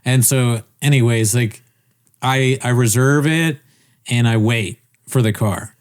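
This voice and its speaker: Brief: male podcast co-host, mid-pitched, animated storyteller who swears and laughs a lot. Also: slow. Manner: animated storytelling, acts out quoted people; swears casually, laughs often. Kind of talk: casual chat.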